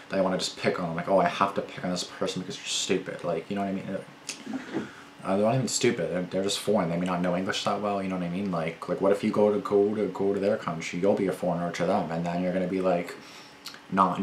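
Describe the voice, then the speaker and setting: A man's voice: deep voice, echoey room, a little hiss or hum. A young man reacting to a video, rambling and repeating himself, swearing heavily and getting indignant. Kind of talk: casual reaction commentary.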